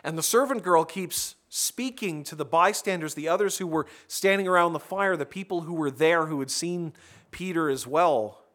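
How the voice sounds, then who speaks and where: A pastor preaching a sermon in a conversational way, often restarting phrases and adding asides to the congregation. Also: male voice, fairly high pitch, moderate pace, fairly bright tone.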